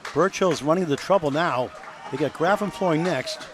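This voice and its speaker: A man's voice: on the high side, normal speed, crowd noise. A man commentating on bowling, rattling off scores, schedules and standings updates. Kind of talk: live sports commentary. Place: bowling alley. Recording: noisy bowling alley broadcast.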